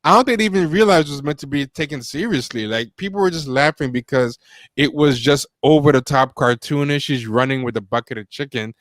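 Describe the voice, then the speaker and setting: Fairly high-pitched and fairly quick, this man's voice has no room sound. Co-hosting a podcast's casual livestream discussion, he animatedly reads quotes out loud. His reactions are full of fillers.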